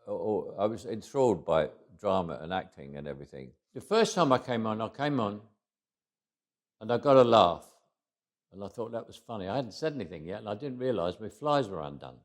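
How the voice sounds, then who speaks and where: An older man with a Cockney accent talks through memories in an interview. His voice sits low, and he often chuckles and trails off quietly. He restarts phrases as he goes. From England. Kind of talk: reflective interview storytelling.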